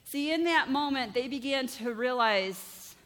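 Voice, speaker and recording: A middle-aged woman pastor giving a conversational, lively sermon, often checking in with the congregation. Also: sits high, unhurried. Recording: long church-hall reverb.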